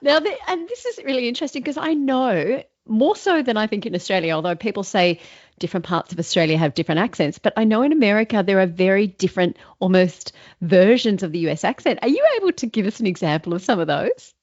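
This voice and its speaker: A woman hosting an interview, encouraging and quick to laugh. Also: medium pitch, animated, darkish tone, lo-fi sound. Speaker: podcast host. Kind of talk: casual interview chat.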